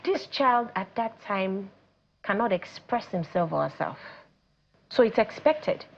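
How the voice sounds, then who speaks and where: A woman with a Nigerian accent, a coach guest on a studio talk show, explaining things lively and acting out parents and children. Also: mid-range voice, measured pace, gravelly, lo-fi sound. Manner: animated, acts out parents and children in quoted voices.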